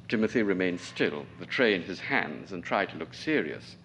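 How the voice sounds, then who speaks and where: A man in his forties from Trinidad, reading his own fiction aloud at a lecture in a measured, precise manner. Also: deep voice, expressive, fairly bright tone, highs cut off, a little hiss or hum. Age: 40s. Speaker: novelist, lecturer.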